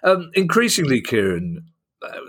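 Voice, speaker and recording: A man's voice: medium pitch, wildly swooping pitch, measured pace, fairly bright tone, slightly rough. A man hosting a casual podcast in a jokey, teasing manner. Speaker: podcast host.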